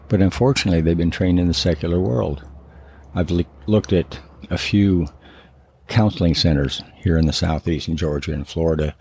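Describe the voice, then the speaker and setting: A man's voice: low-pitched, warm tone, slightly rough, no room sound. A man, a biblical counselor, giving an earnest, emphatic teaching talk that stresses and repeats key words. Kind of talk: teaching sermon.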